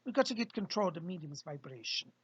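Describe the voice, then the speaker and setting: A man's voice: fairly high pitch, big pitch swings, fast, breathy edge, dry recording, muffled recording. A man voicing a genial male spirit guide who speaks through a medium, with a hearty, old-fashioned way of greeting. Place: home.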